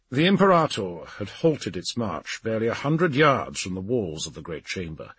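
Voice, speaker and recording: A man narrating a science fiction audiobook in a dramatic, expressive reading. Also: fairly low pitch, slightly rough, no room sound. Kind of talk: scripted narration.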